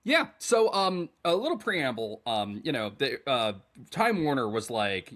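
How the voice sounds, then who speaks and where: A man co-hosting a podcast in casual chat, animated and rambling, swearing freely. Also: medium pitch, a little slow, hardly any pauses. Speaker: podcast co-host.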